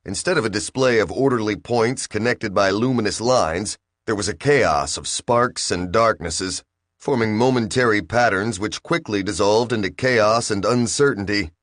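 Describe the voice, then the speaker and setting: A man narrating a comic science fiction audiobook in an even, steady storytelling voice. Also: fairly low pitch, moderate pace, no echo, studio quality. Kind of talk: scripted narration.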